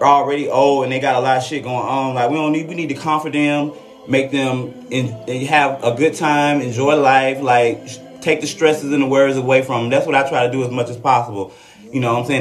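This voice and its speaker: A transgender woman chatting frankly and profanely with viewers on a live stream. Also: very deep voice. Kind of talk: casual live-stream chat. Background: faint classical Christmas music.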